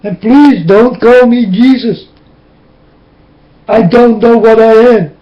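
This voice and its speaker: A man's voice: extremely high pitch, takes it slowly. A man whose first language is Dutch, speaking into a webcam in an emotional, tearful, preaching monologue. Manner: impassioned, tearful, repetitive preaching. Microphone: webcam mic. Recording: dull lo-fi webcam audio.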